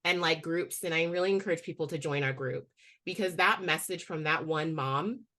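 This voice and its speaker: A woman with a bright, forceful voice speaks candidly and with strong feeling on a webinar call. Her voice sits a little low. Her tone is heartfelt and open. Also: normal speed. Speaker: webinar co-host. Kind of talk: personal story on a webinar.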